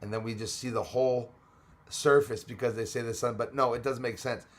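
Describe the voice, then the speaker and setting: A man's voice: mid-range voice, fairly even intonation, brisk. A middle-aged man, hosting a casual live stream, reading out viewer comments with lots of fillers and the odd cough. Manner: chatty, reads out viewer comments, frequent fillers. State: coughing now and then. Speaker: livestream host.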